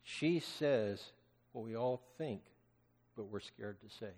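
A man's voice: mid-range voice, slow pace. Preaching man in a reverberant hall. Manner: dramatic, swings from loud cries to hushed murmurs. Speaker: pastor. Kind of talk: sermon.

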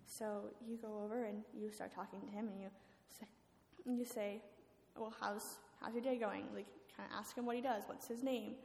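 A woman's voice: medium pitch, little pitch movement, normal speed, hardly any pauses, warm tone, a little hiss or hum. A woman telling a story as a sermon in a church, talking casually with filler words. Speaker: guest speaker. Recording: echoey hall with faint ambience.

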